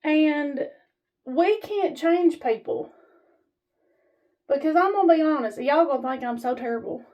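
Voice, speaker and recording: A woman's voice: high voice, animated, a little slow, long pauses, dull audio. A woman vlogger giving a blunt, rambling, folksy motivational talk to her camera, standing as she films herself. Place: standing while filming herself.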